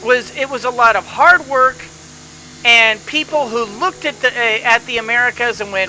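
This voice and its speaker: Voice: medium pitch, normal speed, pushed and bright, faint music behind, rough recording. A gameplay commentator giving a rambling motivational pep talk in casual let's-play style, with frequent restarts and repeated words.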